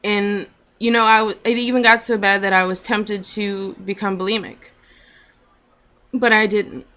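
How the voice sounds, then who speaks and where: Earnest young woman with a bright voice. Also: medium pitch, clean tone. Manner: earnest, halting, emotional. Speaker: vlogger. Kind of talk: personal confessional vlog.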